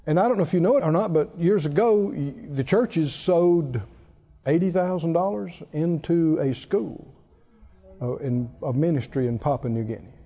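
A man's voice: on the high side, normal speed, dark tone, lo-fi sound. A male pastor preaching a sermon with emphatic delivery, his voice surging on key phrases.

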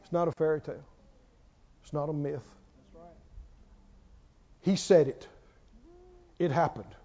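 A man with a mellow, somewhat high voice preaches unhurriedly but emphatically, firing rhetorical questions at listeners and stretching key words for emphasis. The church recording is reverberant, dull and lo-fi.

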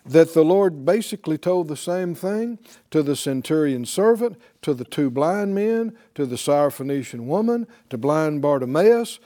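A man's voice: on the high side, mellow. A man preaching a sermon, reading scripture aloud and pressing his point with emphatic rhetorical questions. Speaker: pastor.

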